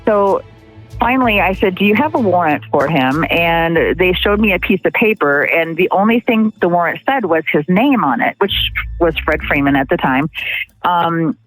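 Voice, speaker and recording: Halting woman recounting a frightening night. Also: lowish voice, lively intonation, no echo, faint music behind, poor audio. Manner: halting, filler-heavy storytelling. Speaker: interview guest, partner of the accused. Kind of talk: casual recounting of events.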